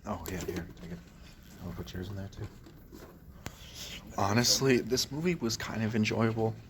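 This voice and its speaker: A man's voice: lowish voice, normal speed, a bit bright, a little hiss or hum. A young man chatting casually in a vlog, loose and rambling, with plenty of fillers and cursing. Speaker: vlogger reviewing a film. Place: cinema lobby, then a car.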